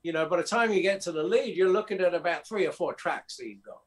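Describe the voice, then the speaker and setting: A man's voice: high voice, fast. Chatty male producer telling studio stories. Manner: anecdotal, acts out quotes, many fillers and restarts. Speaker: record producer guest. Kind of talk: casual interview storytelling.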